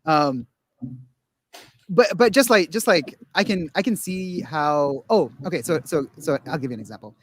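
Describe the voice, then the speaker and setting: Man, podcast guest, casual chat, rambling, many restarts, slightly high pitch, dry close sound. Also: animated, moderate pace, dry recording. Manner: rambling, full of restarts and acted-out quotes.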